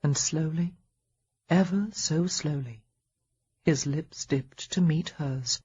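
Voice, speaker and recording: A woman narrates a historical romance audiobook in a soft, measured way, her voice very breathy and husky. She reads at a slow, unhurried pace, and the recording sounds somewhat dull. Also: low voice. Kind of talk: scripted narration.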